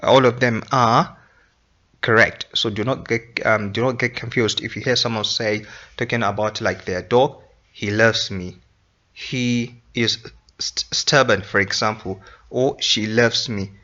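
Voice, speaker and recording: A man teaching an English grammar lesson, explaining slowly and repeating each example sentence. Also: mid-range voice, steady tone, sharp tone, muffled recording.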